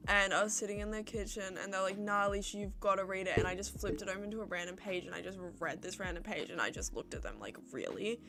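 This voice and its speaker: Young Australian woman, chatty streamer answering viewer questions, mid-range voice, soft music under her. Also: medium pitch. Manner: chatty and rambling, acts out her own remarks in little quoted exchanges. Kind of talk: casual livestream chat.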